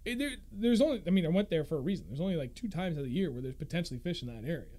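A man in his thirties hosting a fishing podcast, telling stories in a casual, animated way and laughing often. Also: on the high side, rapid-fire. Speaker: podcast host. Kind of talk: casual chat.

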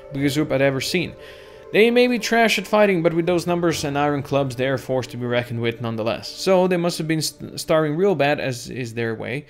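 A man voices a drunk, burly old retired tech hunter who tells stories in a rambling, folksy, boozy way, his voice pitched on the high side.

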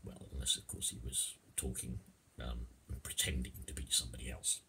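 A middle-aged man giving an informal language lesson in a chatty, rambling, digressive way with a husky voice. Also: extremely low pitch, level tone, normal speed, sharp tone, a little hiss or hum. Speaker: YouTube English teacher.

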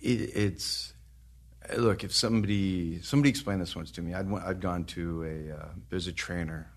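A man's voice: sits low, steady tone, normal speed. A man in his fifties, a trainer guest on a podcast, telling long rambling anecdotes with swearing and laughter. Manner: rambling anecdotes, profane, laughs while talking. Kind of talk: casual podcast storytelling.

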